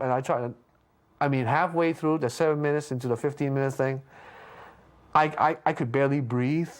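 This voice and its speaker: A man being interviewed, casually telling a story with lots of restarts and stammers, jumping up in pitch when he acts out what people said. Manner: lively anecdote with frequent restarts and stammers; acts out quoted lines with big pitch jumps.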